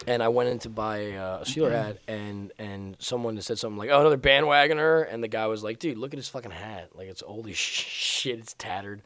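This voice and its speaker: A man's voice: fairly low pitch, a bit bright. A man hosting a casual podcast, telling rambling stories with lots of restarts. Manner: fast, rambling storyteller with restarts. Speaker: podcast host.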